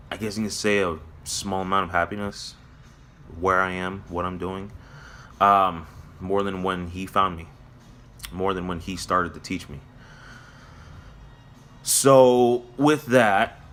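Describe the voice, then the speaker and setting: A man giving a somber personal vlog update from his workplace, talking in a halting, reflective way with many pauses and restarts. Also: low-pitched, a bit bright, a little hiss or hum. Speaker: vlogger. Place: at his workplace near closing time.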